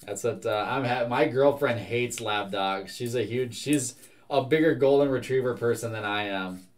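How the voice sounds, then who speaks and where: A young man hosting a live card break, reading out one card after another in a brisk, casual way. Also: medium pitch.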